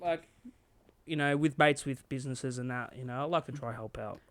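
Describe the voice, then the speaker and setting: Smooth-voiced rambling Australian man. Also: medium pitch, normal speed, a bit bright. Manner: rambling, swearing storyteller. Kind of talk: casual chat.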